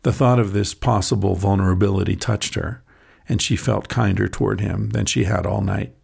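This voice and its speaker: A man with a deep, very gravelly voice reads a short story aloud. His tone is husky and a little breathy, and he keeps a soft, measured storytelling pace. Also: steady tone. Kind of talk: audiobook narration of a short story.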